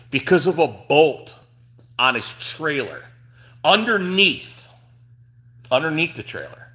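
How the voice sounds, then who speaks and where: A middle-aged man from New Jersey hosts a casual trucking livestream from his shop. His voice is bright and forceful at an ordinary pitch. He rambles, restarts sentences and fills pauses with ums and uhs. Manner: rambling, chatty, frequent fillers and restarts. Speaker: trucking channel host.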